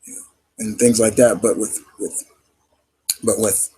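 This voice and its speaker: A man hosts a live Q&A stream in casual chat, rambling along with plenty of fillers and restarts. His voice is on the low side, dark and a little breathy, delivered flatly at an unhurried pace. The audio quality is poor.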